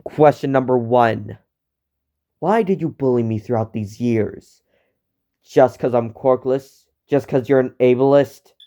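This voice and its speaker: A man's voice: medium pitch, slow pace, highs cut off. Young man voicing a furious young hero. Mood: cold. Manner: angry, yelling. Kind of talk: amateur fan story reading.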